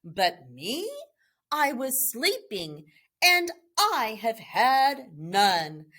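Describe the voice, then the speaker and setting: Grumpy sleepy big bear, sulky and complaining, storybook voice, as a woman reads it, lively pitch. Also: very slow, exaggerated voice.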